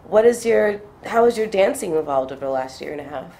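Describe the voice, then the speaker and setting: A woman's voice: mid-range voice, animated, a little fast, mellow. A woman hosting a podcast in casual interview chat, laughing often and chiming in with encouraging remarks. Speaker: podcast host.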